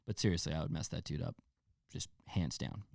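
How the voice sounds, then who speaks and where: A man's voice: very deep voice, lively intonation, brisk, gravelly, no echo, studio quality. A young man hosting a podcast, rambling and joking casually with plenty of profanity. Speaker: podcast host. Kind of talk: casual monologue.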